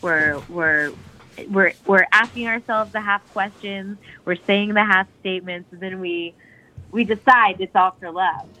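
A woman's voice: medium pitch, a little slow, pushed and bright. A woman on a podcast, chatting casually and enthusiastically about a song, full of restarts and fillers. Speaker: podcast co-host discussing a song. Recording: dull lo-fi podcast audio.

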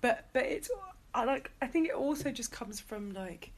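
A woman from England chatting casually on a podcast and chiming in with quick reactions. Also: on the high side, animated. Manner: reacts with short interjections. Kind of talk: casual chat.

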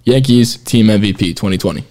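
A man's voice: fairly low pitch, a little fast, warm tone. A man hosting a casual podcast chat, rambling and restarting his sentences, laughing often as he runs the segments. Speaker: podcast host.

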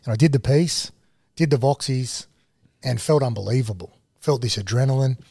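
An Australian man in a relaxed podcast chat, telling stories with plenty of energy and slipping into other people's voices as he goes. His voice sits at a middle pitch, recorded dry and close with no room sound. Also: normal speed, vocal fry, husky, dry recording. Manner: animated storyteller, mimics others in dialogue. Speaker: guest. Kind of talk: casual storytelling interview.

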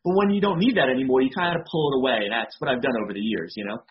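A man's voice: medium pitch, rapid-fire, dull audio. A man, a wrestler being interviewed, talking casually with lots of "you know" fillers. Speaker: wrestler guest.

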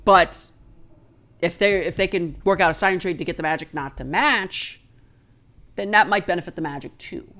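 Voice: mid-range voice, moderate pace, bright, forceful tone. A basketball analyst giving solo sports commentary, explaining trade rules in an explanatory, think-aloud way and stating opinions firmly.

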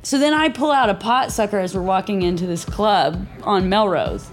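A woman's voice: mid-range voice, moderate pace. A young woman from Tennessee telling a story in an interview, swearing freely and acting out the quoted voices. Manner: profane, animated, acts out quoted voices. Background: background music.

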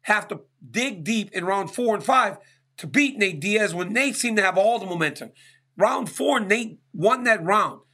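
High, bright-voiced male sports show host. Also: lively intonation, measured pace, husky. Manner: emphatic, keeps asking listeners "right?". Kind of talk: sports talk monologue.

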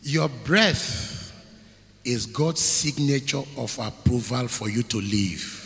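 A man's voice: medium pitch, slow, creaky, fairly bright tone. A man preaching a sermon as a pastor, emphatic, asking rhetorical questions and repeating phrases. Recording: echoey hall with long reverb.

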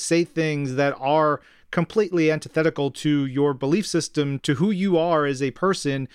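A man hosting a podcast, asking thoughtful questions and pausing as he searches for words. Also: on the high side, smooth, no echo, clean studio sound. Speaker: podcast host. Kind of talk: interview questions.

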